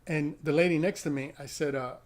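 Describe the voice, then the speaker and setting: A man's voice: on the high side, steady tone, a little fast, a little mellow. Rambling middle-aged man telling a driving story. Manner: rambling, self-correcting, chuckles at own stories. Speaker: rideshare driver and vlogger. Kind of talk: casual storytelling to camera.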